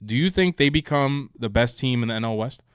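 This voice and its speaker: A man's voice: mid-range voice, animated, brisk, clear, resonant tone, dry recording, studio quality. A man co-hosting a podcast in a casual sports chat, brash and teasing, often talking over his co-host.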